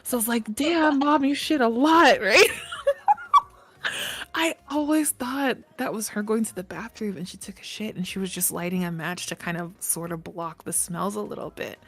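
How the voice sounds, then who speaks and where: A woman telling a long personal story in casual chat, animated, laughing often and swearing freely. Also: mid-range voice, brisk, hardly any pauses, breathy edge.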